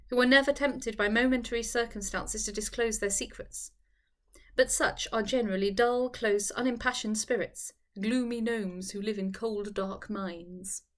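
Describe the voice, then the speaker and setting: A woman reads a classic novel aloud, her fairly high voice measured and expressive. She tells the story with care, as a narrator of her own audiobook series.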